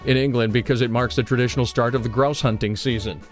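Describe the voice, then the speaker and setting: A man's voice: medium pitch, fairly even intonation, fast talker, faint music behind. A man hosting a casual radio show, joking around and putting on silly voices while reading the day's history. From United States. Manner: jokey, playful, puts on silly voices. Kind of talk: casual morning radio chat.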